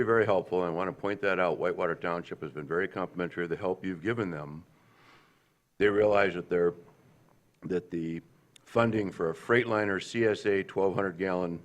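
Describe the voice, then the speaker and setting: Deep-voiced male commissioner, halting and rambling at a public board meeting. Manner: rambling, halting with fillers and restarts. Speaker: county commissioner. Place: county board meeting room.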